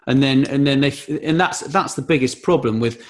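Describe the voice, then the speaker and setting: A man's voice: medium pitch, moderate pace. A man hosting a casual business chat, telling an anecdote with lots of restarts and repeated words. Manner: animated storyteller, many restarts and repeats.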